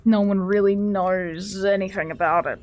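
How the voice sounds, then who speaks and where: A woman's voice: mid-range voice, steady tone, normal speed, darkish tone, soft background music. A woman with an Australian accent chatting casually on stream, then reading a story aloud with small stumbles. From Western Australia. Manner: chatty, hesitant, stumbles over words when reading.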